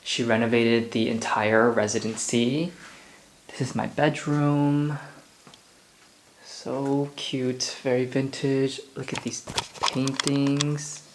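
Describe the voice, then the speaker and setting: A man's voice: medium pitch, level tone, slow, echoey room, noisy background. A man vlogging and talking about painting in a loose, musing way, full of "like" and "you know", indoors in a townhouse. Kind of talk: casual vlog talk. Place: indoors in a townhouse at an artist residency.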